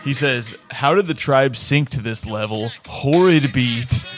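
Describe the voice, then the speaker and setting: A man's voice: mid-range voice, unhurried, over music. A man hosting a casual chat, reading review quotes aloud and laughing often. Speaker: podcast host.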